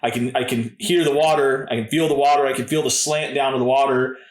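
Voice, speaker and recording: A man's voice: mid-range voice, fairly even intonation, quick pace, roomy sound. A man in his thirties, a podcast guest telling stories in a casual, laid-back way and often calling people "dude" and "man". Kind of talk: casual storytelling.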